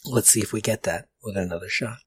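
A man's voice: on the low side, fast, heavy background noise. A man hosting a podcast, rambling through vintage liquor ads with wry, profane asides. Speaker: podcast host. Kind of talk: casual commentary reading vintage liquor ads.

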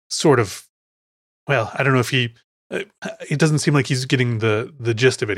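A man's voice: on the low side, a bit bright, no room sound, clean studio sound. A man hosting a podcast, chatting casually and digressively as he recounts film scenes. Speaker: podcast host.

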